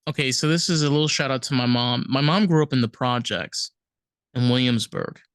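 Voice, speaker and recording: A high, rambling podcast host in loose, casual chat, with a mid-range voice. The tone is smooth and clear. The recording is dry and close to the mic. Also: a little fast, dry recording. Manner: rambling, loose, with many restarts and fillers. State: high on weed.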